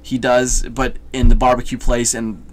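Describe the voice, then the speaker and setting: A man's voice: mid-range voice, flat delivery, moderate pace. A man co-hosting a casual movie review chat, rambling, laughing easily and trailing off mid-sentence. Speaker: podcast co-host reviewing a movie.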